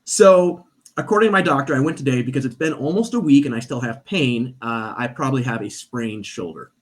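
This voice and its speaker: A man's voice: medium pitch, a little fast. A man, a guest on a podcast, telling a story in casual chat and acting out the voices of the people in it. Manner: animated, acts out quoted voices. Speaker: stage performer.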